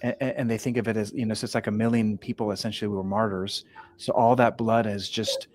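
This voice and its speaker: A man's voice: fairly low pitch, flat delivery, fast, a little mellow, a little hiss or hum. A man hosting an interview, stammering through restarts and answering with short affirmations. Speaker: host. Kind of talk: podcast interview.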